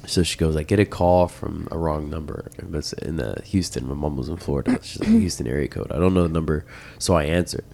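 Animated young man telling a story. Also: a bass voice, brisk, vocal fry, few pauses. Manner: animated, laughing, profane, mimics his mother. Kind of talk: casual chat, storytelling.

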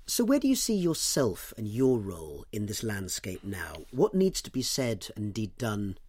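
A man's voice: fairly low pitch, huge pitch swings, normal speed, darkish tone, breathy edge. A man interviewing a guest, asking long probing questions. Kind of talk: long-form political interview.

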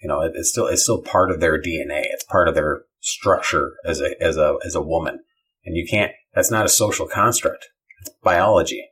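A man with a very deep, husky voice gives blunt opinions in a casual conversation. He talks frankly and throws in some profanity. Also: fairly quick, fairly bright tone. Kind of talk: casual chat.

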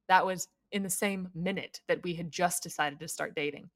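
A young woman telling her own story in a casual podcast chat, animated and laughing often. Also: fairly low pitch, brisk, no echo, studio quality.

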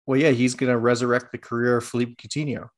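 A man's voice: mid-range voice, little pitch movement, quick pace. A man co-hosting a sports podcast, teasing his co-host in a dry way. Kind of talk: casual sports podcast chat.

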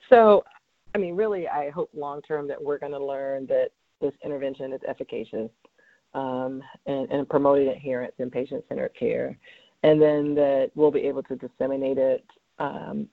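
This man, a cancer researcher, gives earnest, heartfelt interview answers riddled with fillers and false starts. His creaky mid-range voice has fairly even intonation and a moderate pace, heard through a dry, tinny phone-line recording.

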